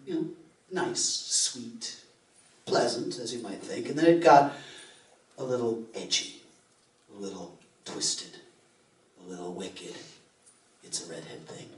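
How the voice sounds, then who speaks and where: A man's voice: mid-range voice, a little hiss or hum. A man on stage spins a fairy tale for a crowd, playful and theatrical, with a voice that rises and falls widely. He sounds distant and echoing in a live room, with faint murmur behind him. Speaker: folk minstrel and storyteller. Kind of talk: live storytelling between songs. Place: indoor live concert venue with an audience. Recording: roomy live recording from far off.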